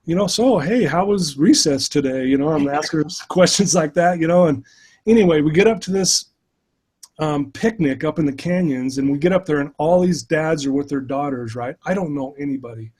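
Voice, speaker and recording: Middle-aged male guest, a touch high-pitched, chatty and animated as he tells his story. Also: fairly quick, slightly rough. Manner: animated, many "you know" fillers. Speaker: interview guest, life coach. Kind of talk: casual storytelling.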